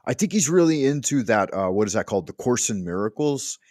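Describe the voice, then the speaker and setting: A man's voice: medium pitch, expressive, fairly quick, darkish tone, no echo. A man hosting a livestream from home, chatting in a loose, rambling way and swearing casually. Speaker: livestream host. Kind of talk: casual chat.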